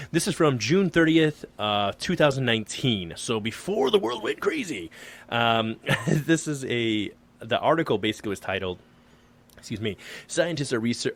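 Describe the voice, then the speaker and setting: A man co-hosting a casual podcast, reading an article aloud over a remote call, joking and tripping over words. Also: mid-range voice. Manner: joking, self-deprecating, stumbles over words. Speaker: podcast co-host.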